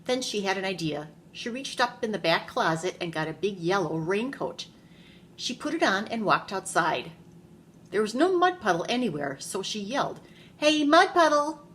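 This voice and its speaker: A preschool teacher, a woman, reads a picture book aloud to young children in an animated storytelling voice. She pauses to ask them questions as she goes, at a middle pitch. Faint room noise sits behind her. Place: classroom.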